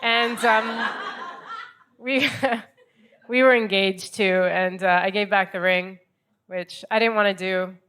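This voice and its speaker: An American woman in her thirties performing stand-up comedy in a club, wry and deadpan, acting out other people's lines. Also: mid-range voice, takes it slowly, long pauses, crowd noise. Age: 30s.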